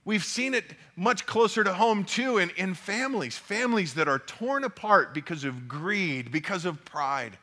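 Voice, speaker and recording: A man's voice: high voice, animated, normal speed, hardly any pauses, pushed and bright. A man preaching a sermon as pastor, earnest and often repeating words as he builds a point.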